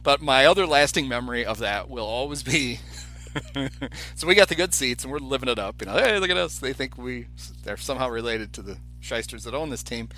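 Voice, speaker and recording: In a brisk, mid-range voice, a man co-hosting a podcast tells an animated story during casual chat, doing the voices of the people he quotes.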